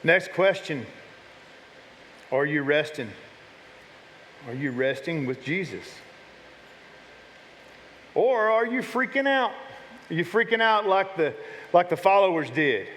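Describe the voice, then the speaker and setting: A man's voice: high-pitched, expressive, slow pace, long pauses, fairly bright tone. Man preaching a conversational sermon in a hall. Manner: conversational, repeats words, restarts. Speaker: pastor. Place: church sanctuary. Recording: long hall reverb.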